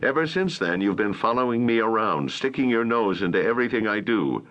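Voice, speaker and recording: A man doing a gruff, growling rancher. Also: fairly low pitch, lively intonation, brisk, a bit bright, lo-fi sound, pitched above the performer's own voice. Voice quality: rough, growling. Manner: snapping, sarcastic. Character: rough angry male rancher, suspicious.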